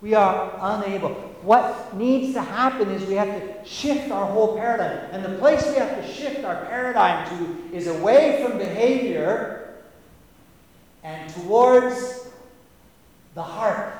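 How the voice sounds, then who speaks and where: A man preaching a sermon, swinging between hushed asides and loud, emphatic lines. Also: high voice, a little slow. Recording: echoey hall, voice from far off.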